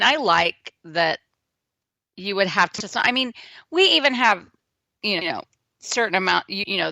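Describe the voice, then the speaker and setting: A woman's voice: fairly low pitch, sharp tone, no room sound. A woman co-hosting a radio talk show, chatting in a rambling, casual way with lots of restarts. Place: radio studio.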